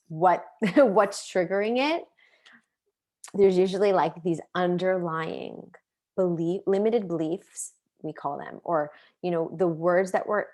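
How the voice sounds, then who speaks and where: A woman in her thirties leads a parenting class, talking with earnest warmth of purpose and asking her listeners question after question. Her voice sits a little low for a woman. She works personal stories into the teaching. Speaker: parenting coach. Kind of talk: online class talk.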